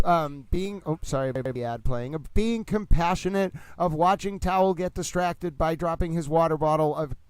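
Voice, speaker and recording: A man hosting a live stream, talking casually and excitedly to his viewers and often calling out "ladies and gentlemen". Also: high voice, clear, resonant tone, no echo, poor audio. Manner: animated, exclamatory, addresses viewers as ladies and gentlemen. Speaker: livestream host.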